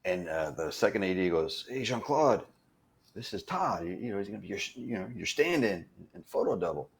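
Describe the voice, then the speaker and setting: A man with a fairly low voice tells anecdotes from a film set in a relaxed interview. He talks in a rambling way, full of fillers and restarts. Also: brisk, vocal fry. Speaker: guest, stunt performer. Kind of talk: casual storytelling interview.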